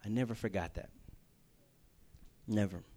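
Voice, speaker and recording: Young male preacher, animated storyteller, swings between hushed and loud emphasis. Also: lowish voice, unhurried. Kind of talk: storytelling sermon.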